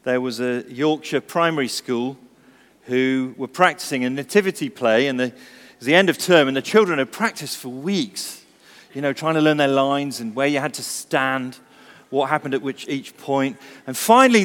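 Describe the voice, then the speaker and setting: A man's voice: a little high, a bit bright, long reverb tail. A male pastor giving a Christmas sermon, chatty and storytelling with touches of humour. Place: church service.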